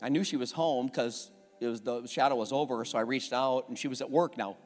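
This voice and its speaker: A man in his forties preaching a sermon as a pastor, telling a candid family story, rising when worked up and going soft when reflective. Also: mid-range voice, a little fast. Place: church sanctuary. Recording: church hall with long reverb and faint music.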